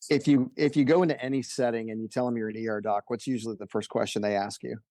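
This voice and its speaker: A middle-aged man, an emergency doctor, telling stories in a relaxed, casual way. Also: mid-range voice, fast, dry recording. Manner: laid-back anecdotal storyteller. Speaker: emergency physician guest. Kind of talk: casual storytelling.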